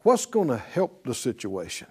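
A man's voice: medium pitch, wildly swooping pitch, moderate pace, dark tone, slightly rough. A man preaching a sermon to a class in a conversational way, calling on them to repeat after him. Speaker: pastor teaching a class.

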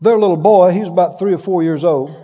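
A man's voice: sits high, fast, breathy edge. A man preaching a sermon, telling stories with laughs and acted-out voices. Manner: animated storytelling with laughs and acted-out quotes. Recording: dull sound with long hall reverb.

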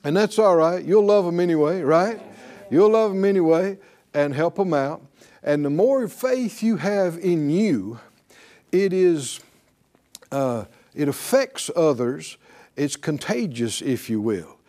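A middle-aged man preaches in a relaxed, storytelling way. His voice sits a little high but sounds mellow and soft-edged. He laughs often and slips into lively voices when quoting others. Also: slow. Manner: chatty, laughing, acts out quoted voices. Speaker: pastor teaching a faith class. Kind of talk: folksy sermon teaching.

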